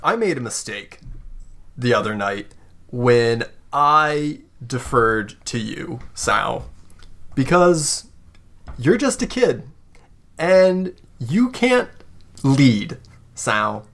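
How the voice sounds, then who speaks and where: A man's voice: mid-range voice, sing-song, extremely slow, long pauses, fairly bright tone, heavily acted. A man voicing a stern, condescending guard commander. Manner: dismissive, lecturing.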